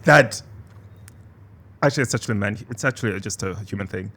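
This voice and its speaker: A man who is a guest on a casual podcast, talking in an animated, self-mocking way and laughing easily. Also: on the low side, fast talker.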